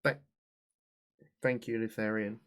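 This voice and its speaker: A man streaming a game live, chatty and animated, swearing and talking to his chat. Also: fairly low pitch, takes it slowly, clear, resonant tone. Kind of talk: live-stream gameplay commentary.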